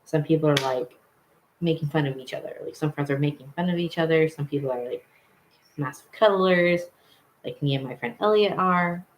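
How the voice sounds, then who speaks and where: A man's voice: a little high, normal speed, a little hiss or hum, low-quality recording. A young man telling a personal story in a casual vlog, rambling, with many fillers and self-corrections. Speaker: vlogger.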